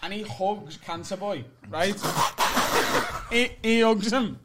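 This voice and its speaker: A man, a guest comedian telling a comic story in an animated way, often asking "right?" and acting out what people said. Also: high voice, slow, heavy background noise. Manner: animated, keeps asking "right?", acts out quotes.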